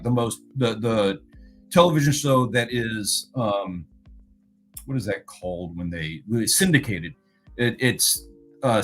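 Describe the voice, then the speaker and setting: A man's voice: on the low side, rough recording. A man casually recapping a talk to his viewers, rambling and often stopping to search for the right word. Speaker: video creator recapping a conference.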